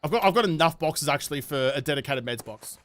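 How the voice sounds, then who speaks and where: A man's voice: on the high side, animated, quick pace, a bit bright. A man with a New Zealand accent, streaming a game and chatting casually, swearing often and ranting passionately. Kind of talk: casual livestream chat while gaming.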